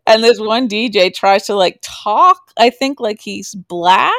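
Give me a relaxed, rambling podcast co-host with a smooth, clear voice recorded close and dry. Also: mid-range voice, slow pace, no echo. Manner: relaxed, rambling, frequent fillers and laughter. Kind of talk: casual chat about a soap opera. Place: home, Maine.

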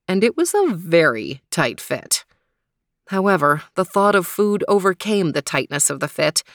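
A woman narrating a children's mystery story in a steady storytelling manner. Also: fairly low pitch, no room sound, clean studio sound.

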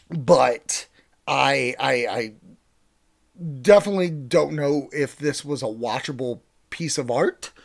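A young man chatting casually about films and TV, rambling and excitable, with swearing, fillers, loud bursts and mumbled asides. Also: medium pitch, gravelly. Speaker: pop-culture reviewer. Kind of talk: casual chat.

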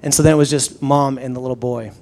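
A male pastor telling a personal story in a conversational sermon, animated, with frequent restarts and repeated words. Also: medium pitch, quick pace.

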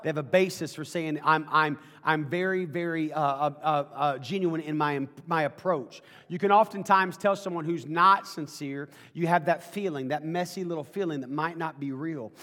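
Man, pastor, sermon, high voice, folksy then fervent, long church reverb. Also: normal speed, hardly any pauses, a bit bright. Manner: folksy, builds to fervent preaching.

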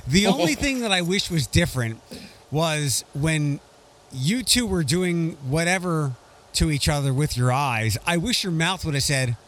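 Higher-voiced man teasing his friends. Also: animated, normal speed, fairly bright tone, a little hiss or hum. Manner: teasing, wry. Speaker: podcast co-host. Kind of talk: casual chat.

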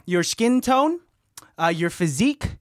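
A man co-hosting a podcast, telling a movie plot in casual chat, animated, laughing often and swearing freely. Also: high-pitched, measured pace, no echo, clean studio sound.

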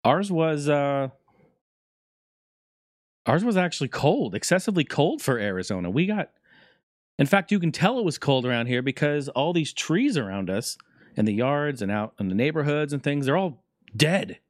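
A man's voice: fairly high pitch, moderate pace, dry recording, studio quality. Profane jokey man hosting a show. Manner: profane, jokey, animated storytelling. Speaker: podcast host. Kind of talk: casual rambling monologue.

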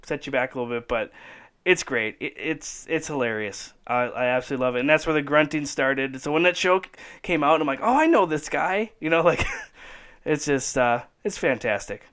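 A man's voice: mid-range voice, fairly quick, fairly bright tone, smooth. A man hosting a casual podcast chat, rambling enthusiastically and laughing often. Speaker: podcast host.

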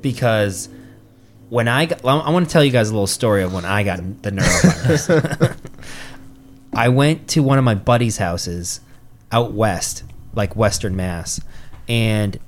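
A young man from New telling a story in casual chat, swearing freely and acting out quotes in a higher, louder voice. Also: a little slow, long pauses, slight background noise. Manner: swears freely, acts out quotes with rising pitch.

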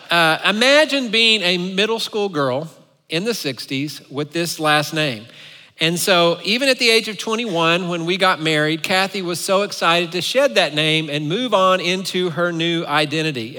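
A male pastor preaches a sermon with playful, animated storytelling at a moderate pace. His high, bright, forceful voice rings through a church sanctuary, trailing a long hall echo.

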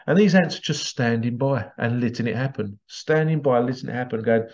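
A man hosting a show, giving a monologue with animated storytelling and rhetorical questions. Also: mid-range voice, fairly quick, hardly any pauses, muffled recording. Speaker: host. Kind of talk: monologue commentary.

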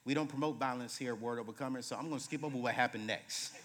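A man in his late thirties, a guest preacher telling humorous stories in a sermon, moving between loud bursts and hushed moments. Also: mid-range voice, quick pace. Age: 30s. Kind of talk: sermon with storytelling. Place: church sanctuary. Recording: reverberant church hall.

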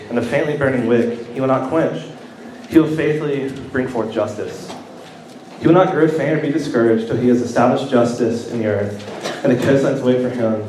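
A man reading scripture aloud in a measured, steady way. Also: mid-range voice, slight background noise. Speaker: scripture reader. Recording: echoey room, far from the mic.

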